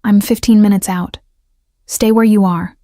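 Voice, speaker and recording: A woman reading the lines of a rough, hulking male mafia enforcer, terse and gruff. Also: mid-range voice, steady tone, normal speed, mellow, no echo, studio quality, lightly acted.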